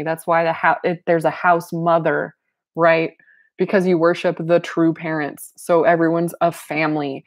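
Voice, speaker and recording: A young woman with a somewhat low voice reads a novel aloud. She keeps stopping to add animated, candid comments of her own, laughing often as she goes. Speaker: reader and commentator.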